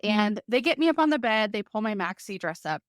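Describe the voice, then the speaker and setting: Podcast guest, a woman, middle-pitched, close and dry mic, vivid and chatty storytelling. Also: brisk, dry recording. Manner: lively, vivid retelling with many fillers like "like". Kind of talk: personal storytelling.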